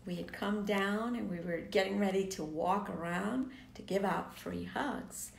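A woman tells a personal story slowly and earnestly, her voice often sinking to a hushed near whisper before rising on words she stresses. She was recorded in a roomy, echoing space with a faint hiss of noise behind her. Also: medium pitch, vocal fry. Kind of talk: personal story told to viewers. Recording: echoey room, faint background noise.

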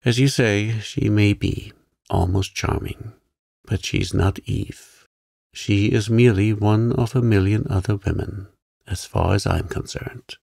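A man voicing a charming, playful young gentleman artist in a sleep-story reading, teasing and light. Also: lowish voice, a little slow, gravelly, breathy edge, dry recording, studio quality, exaggerated voice.

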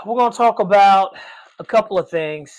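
A man's voice: high voice, normal speed, no echo, dull audio. A man co-hosting a casual live podcast, upbeat and chatty, greeting viewers by name and laughing easily. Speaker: podcast co-host.

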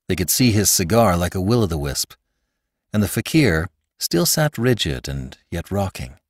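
A man narrating an audiobook, reading expressively with a lowish voice and a lively, animated pitch. He is recorded close on a studio mic, so the sound is dry. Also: dry recording. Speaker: narrator and podcast host.

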